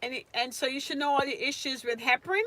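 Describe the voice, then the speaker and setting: A woman's voice: high voice, fairly even intonation, quick pace, bright, forceful tone, slight background noise. A woman tutoring nursing students on a casual live stream, chatting and answering viewers' comments by name.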